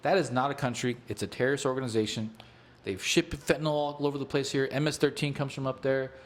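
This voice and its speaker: A man's voice: medium pitch, steady tone, quick pace. A man co-hosting a casual political talk show, blunt and outspoken, often stammering as he starts a point. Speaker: co-host.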